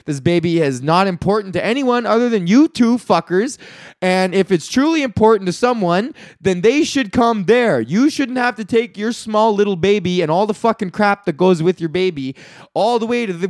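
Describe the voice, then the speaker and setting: A Canadian comedian in his thirties delivers a solo comedic rant on his own podcast, full of profanity and rhetorical questions. His voice sits high, and the recording is dry and studio quality.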